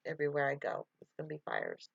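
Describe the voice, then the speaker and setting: A woman hosts a casual live stream, chatting freely, laughing easily and reading out viewer comments. Her voice sits on the low side. The sound is dry and a little dull, with no room echo. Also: huge pitch swings, fast, gravelly, husky.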